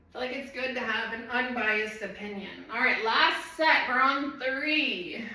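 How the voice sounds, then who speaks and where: Chatty woman trainer, bright echoey voice. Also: fairly high pitch. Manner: chatty, rambles between rep counts. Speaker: fitness trainer. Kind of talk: live home workout class, chatting while counting reps. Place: room at home. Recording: echoey room, voice from far off.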